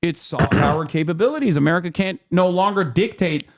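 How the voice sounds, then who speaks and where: A man's voice: high-pitched, a little fast. A man in his thirties hosting a livestream, explaining at length in a heated, profane way, full of fillers and restarts. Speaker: streamer host.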